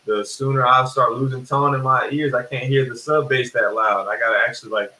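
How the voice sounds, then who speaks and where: Bright-voiced man talking far from the mic. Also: medium pitch, a little fast. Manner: relaxed, reflective, uses many fillers like "like" and "you know". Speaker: music producer. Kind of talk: casual interview chat. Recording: roomy, distant mic with faint hiss.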